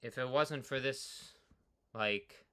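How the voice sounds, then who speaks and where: A man casually rambling through his own workout data, excitable and full of "like", swinging between hype and low mutters. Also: slow, slight background noise. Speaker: cyclist streamer reviewing his workout.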